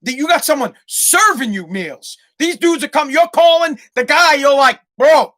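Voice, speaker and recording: A man with a very high-pitched, sharp voice rants on his own podcast, speaking expressively at a moderate pace. He's heated and swears nonstop throughout.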